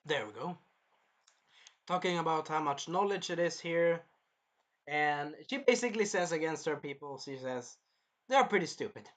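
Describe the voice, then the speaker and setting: A man's voice: fairly high pitch, animated, moderate pace, pauses often, fairly bright tone. A man giving a casual episode review, rambling, repeating himself and swearing. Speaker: show reviewer.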